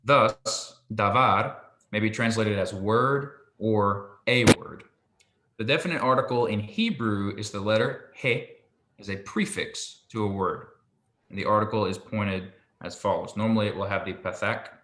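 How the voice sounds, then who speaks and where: A patient male teacher walks his student through a language lesson, explaining slowly and repeating sounds. His voice sits low but bright, and it rings in an echoey room. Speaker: Hebrew teacher.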